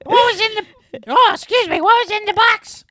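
A woman voicing a silly, excitable contestant cook who speaks in a bouncy, shouty way. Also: extremely high pitch, a little fast, no room sound. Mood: proud.

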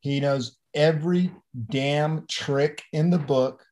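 A middle-aged man, an actor, talking in an animated interview, often restarting and repeating words. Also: a little high, slow. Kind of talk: conversational interview.

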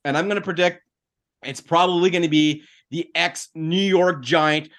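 A man co-hosting a sports podcast, making bold, animated predictions in casual talk. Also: on the high side, moderate pace. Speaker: podcast co-host.

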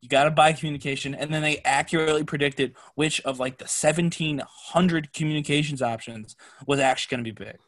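A man co-hosting a podcast in casual chat, emphatic and quick to laugh. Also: a little high, fairly even intonation, a bit bright. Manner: emphatic, laughs often, incredulous. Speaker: podcast co-host.

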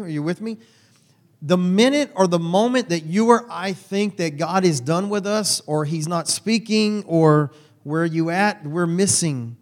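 A middle-aged male pastor delivers a laid-back sermon, joking and chatting and checking in with his congregation. His voice sits a bit high for a man. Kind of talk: casual sermon.

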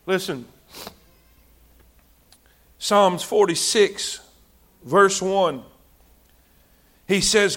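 High, bright-voiced fervent preacher. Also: male voice, moderate pace. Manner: fervent, repetitive, conversational. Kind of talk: sermon.

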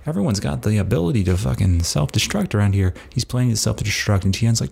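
A man's voice: fairly low pitch, quick pace, creaky, hardly any pauses, darkish tone, husky. A young man casually retelling a cartoon plot in a crude, rambling comic way, full of "like" fillers. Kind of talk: casual comedic recap.

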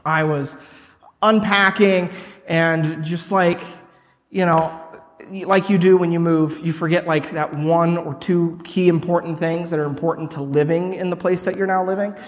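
Casual pastor in a reverberant hall. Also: male voice, fairly high pitch, fairly even intonation, measured pace. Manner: casual, rambling, full of "like" and "right?". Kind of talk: conversational sermon. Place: church hall with a congregation. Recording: long reverb of a church hall.

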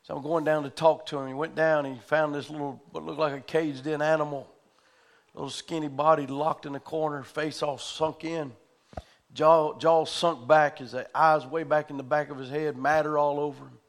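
A man's voice: a little high, level tone, normal speed. A man preaching a sermon in a church, telling a story with fervent conviction.

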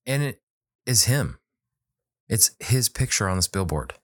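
A children's book author in his thirties tells a story in casual conversation, animatedly acting out the quoted dialogue. His voice sits on the low side, and he speaks at a measured pace. The sound is studio quality, with no echo.

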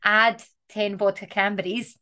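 A woman with a Scottish accent co-hosting a podcast, telling self-mocking stories in an animated, laughing way. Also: mid-range voice, normal speed. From Scotland. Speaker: podcast co-host. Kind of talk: casual storytelling.

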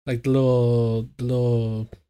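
Excited podcast co-host with a mellow voice. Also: male voice, mid-range voice, moderate pace, clean tone. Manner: enthusiastic, loose, lots of fillers. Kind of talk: casual chat.

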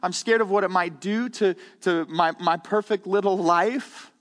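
A man's voice: high voice, a little slow, a bit bright, big-room sound. A man preaching a conversational sermon in a church, earnest and candid, often repeating words as he goes. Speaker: pastor. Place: church sanctuary.

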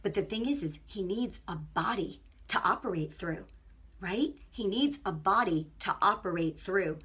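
A woman shares a spiritual testimony with her viewers on a broadcast. Her voice is bright and breathy. She tells her story in an animated way, dropping to a hush and then rising loud again. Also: mid-range voice, moderate pace. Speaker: online ministry broadcaster.

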